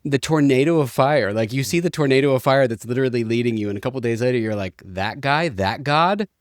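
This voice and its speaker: A man co-hosting a casual Bible discussion, animated and acting out everyday complaints. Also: mid-range voice, fast talker, no echo, clean studio sound. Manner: animated, acts out quoted complaints. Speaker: podcast co-host.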